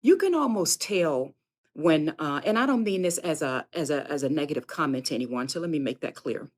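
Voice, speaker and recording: A woman with a lowish voice preaches on a live podcast stream. She speaks earnestly and directly to her listeners, often repeating phrases. Her key points rise with fervent emphasis. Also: lively intonation, fairly quick. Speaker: podcast host and faith speaker. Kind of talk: live-streamed inspirational sermon.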